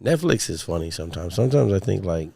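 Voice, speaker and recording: A low-pitched man talks loosely and profanely to his live viewers, his voice still rough from being sick. He has a sound and a dry, close studio mic. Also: sing-song, fast, mellow, no echo. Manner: rambling, profane, chatting to viewers. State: recovering voice after illness. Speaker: podcast host. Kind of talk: casual solo livestream chat. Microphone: studio mic with podcast mixer.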